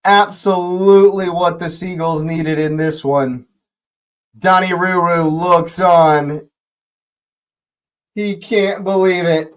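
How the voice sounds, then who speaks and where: A man hosting a live fan watch-along, calling the match as it happens and shouting at the big moments. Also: high voice, fairly even intonation, slow, pauses often.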